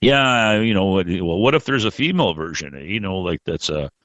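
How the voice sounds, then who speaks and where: A man hosting a podcast in casual chat, rambling and halting, swearing freely. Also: sits low, animated, a bit bright, dry recording, lo-fi sound. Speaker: podcast host.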